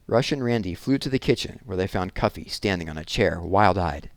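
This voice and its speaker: A man narrating a children's novel aloud in a measured, expressive reading. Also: deep voice, dry recording. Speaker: audiobook reader. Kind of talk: storybook narration.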